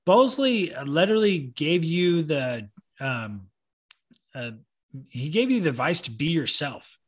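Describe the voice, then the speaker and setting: Male former relief pitcher, podcast co-host, animated storyteller, mid-high voice. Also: a little slow. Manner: storytelling, acts out quotes animatedly. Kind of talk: casual sports podcast chat.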